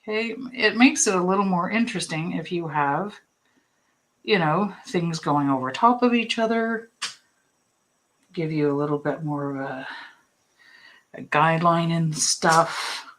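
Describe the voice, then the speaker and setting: A woman's voice: fairly low pitch, unhurried, pauses often, fairly bright tone, rough recording. A woman leading a casual live painting lesson, chatty and reassuring, rambling through asides with plenty of ums and likes. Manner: reassuring, encouraging. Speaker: painting instructor.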